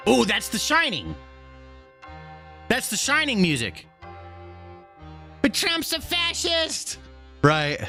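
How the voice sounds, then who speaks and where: A man's voice: mid-range voice, a bit bright. A man hosting a live stream, casually reading and answering his chat with easy chuckles. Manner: laid-back, chuckling, talks to chat.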